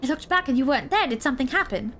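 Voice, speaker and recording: A young woman streaming a game, chatting casually, excitable, giggly and emotional. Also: high voice, racing, slight background noise.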